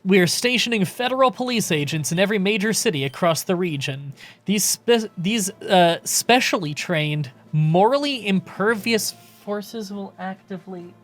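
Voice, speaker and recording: A man's voice: sits high, expressive, moderate pace, faint music behind. A man voicing a stern male champion in a game, with a formal announcer-style delivery.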